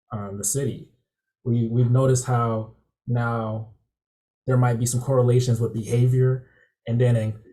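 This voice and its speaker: Young male panelist, mellow dark voice, thoughtful and halting, video call. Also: medium pitch. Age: young adult. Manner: reflective, hesitant, many fillers. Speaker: youth panelist. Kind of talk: casual panel discussion.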